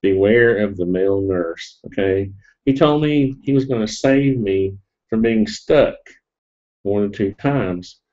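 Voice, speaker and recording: A man's voice: lowish voice, unhurried, a little mellow. A middle-aged man, sniffling as he tells a rambling, jokey story to a live stream audience. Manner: rambling and jokey, with fillers and laughs. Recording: dull lo-fi webcam audio.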